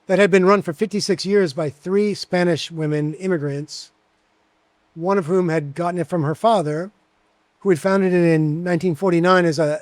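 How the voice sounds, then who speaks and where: Chatty high-voiced bartender, around 60. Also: male voice, no room sound. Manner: chatty, animated anecdotes with many fillers. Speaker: bartender guest. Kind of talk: casual interview storytelling.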